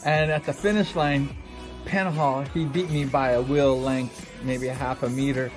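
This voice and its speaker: A middle-aged man casually telling a story, rambling with many fillers and acting out quotes with sudden high exclamations. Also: fairly even intonation, normal speed, faint music behind. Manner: rambling, frequent "you know, like" fillers. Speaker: livestream host telling a racing story.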